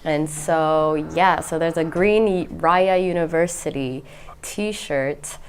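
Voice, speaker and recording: A woman's voice: sits low, slow, a little hiss or hum. A woman co-hosting a livestream charity auction, chatty and upbeat with frequent "um"s. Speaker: fundraiser co-host.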